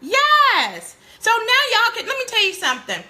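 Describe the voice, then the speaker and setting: A woman hosting a live parenting talk, animated and preachy, laughing often and speaking straight to her viewers. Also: very high voice, quick pace. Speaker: parenting show host.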